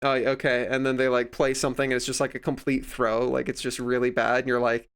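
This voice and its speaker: A man's voice: medium pitch, completely flat delivery, fast, fairly bright tone, clean tone. A man streaming casual chat, rambling in a profane way and acting out other people in quoted voices.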